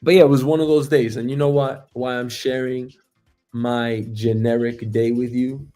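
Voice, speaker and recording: A man's voice: medium pitch, little pitch movement, normal speed, dark tone, soft background music. A man hosting his own show, talking through a casual, reflective monologue with lots of fillers and some swearing. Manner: reflective, profane, rambling with many fillers. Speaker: show host.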